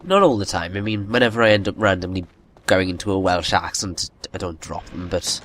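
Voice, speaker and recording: A man's voice: sits low, brisk, fairly bright tone. A man giving casual, rambling commentary while playing a video game, often restarting sentences and poking fun at himself. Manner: chatty, rambling, with frequent restarts and self-mocking asides. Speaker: gaming video host. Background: game music.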